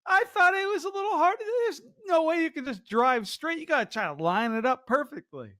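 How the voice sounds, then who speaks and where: A laid-back man chatting on a gaming podcast in a voice pitched high for a man. He mostly laughs along and offers short, easygoing replies. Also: animated, a little fast, a bit bright. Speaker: podcast co-host. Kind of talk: casual gaming podcast chat.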